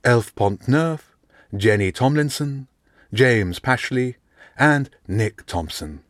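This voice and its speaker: A man reading an audiobook, voicing a jovial middle-aged woman housemaster who talks briskly and formally. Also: medium pitch, lively intonation, no echo, studio quality, pitched above the performer's own voice.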